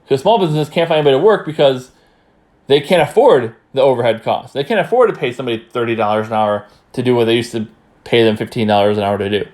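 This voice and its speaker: A podcast host delivers political commentary in a rambling, heated manner, repeating himself. His voice is medium in pitch and a little mellow.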